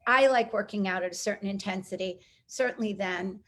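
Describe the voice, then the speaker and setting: A middle-aged woman telling a personal story as an interview guest, lively and acting out the people she quotes. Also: medium pitch, a little fast. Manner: animated, acts out quoted voices.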